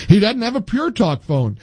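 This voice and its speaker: A man's voice: fairly high pitch, a little mellow. A middle-aged man hosting a call-in radio talk show, rambling and wry, his voice jumping up when he gets exasperated.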